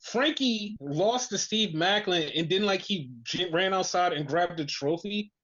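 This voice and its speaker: A podcast host retells wrestling matches in loose, excited chat, swearing freely and leaning on "like" as a filler. The voice sits at a middling pitch, and the recording sounds dull and lo-fi. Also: measured pace. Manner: excited, profane storytelling with many "like" fillers. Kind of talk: casual wrestling recap chat.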